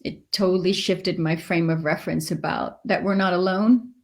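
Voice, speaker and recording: A middle-aged woman, a guest in an interview, telling a personal story with animated delivery and acting out the voices in it. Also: fairly low pitch, moderate pace.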